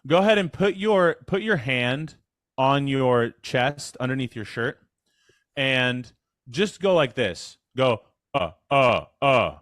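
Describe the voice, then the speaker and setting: A man's voice: mid-range voice, takes it slowly, no room sound, clean studio sound. Chatty man coaching on a video call. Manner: energetic, chatty, demonstrates with his voice. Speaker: voice coach leading a workshop. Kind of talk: casual instructional talk. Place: online call.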